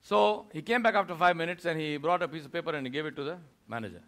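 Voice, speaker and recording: With a voice on the high side and a quick delivery, a man from India tells a story during his Friday sermon at a mosque. He brings the people in it to life by acting out their voices.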